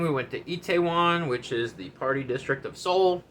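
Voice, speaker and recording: A man, a former enlisted soldier, telling a story from his service days in a casual, animated, profane way. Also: on the high side, normal speed, a little hiss or hum.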